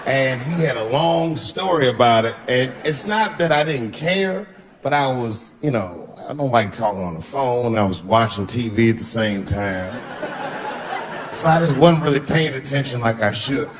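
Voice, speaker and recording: A man doing stand-up comedy, telling a long profane story in a conversational way, swinging his pitch up for emphasis. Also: lively intonation, normal speed, a crowd in the background.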